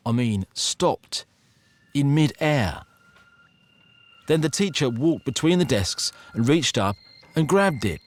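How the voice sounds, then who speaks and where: A man reading a first-person ghost story aloud, building suspense with an expressive delivery. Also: mid-range voice, slow pace, pauses often.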